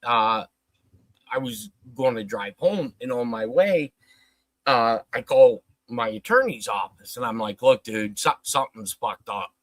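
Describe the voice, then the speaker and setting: Man, storyteller type, profane and animated, quotes everyone, mid pitch, dry close mic. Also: unhurried, no room sound, low-quality recording. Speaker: guest telling a story. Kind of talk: casual storytelling on a livestream.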